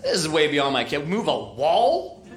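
A male stand-up comic tells a story in a chatty, self-deprecating way, tossing in "uh" and "right?". His voice sits high and swings widely. The club is echoey, with a crowd audible. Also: big pitch swings, unhurried. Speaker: stand-up comedian.

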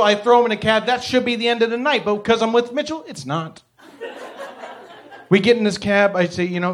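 A man in his twenties doing loud, animated stand-up storytelling, swearing and acting out voices. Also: high-pitched, a little fast, background noise. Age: 20s. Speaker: stand-up comedian.

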